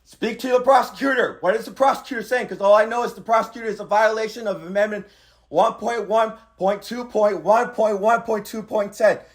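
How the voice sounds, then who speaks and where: High-pitched insistent man on speakerphone. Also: fairly even intonation, brisk. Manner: insistent, repetitive, talks over the other. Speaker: caller. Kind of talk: heated phone argument.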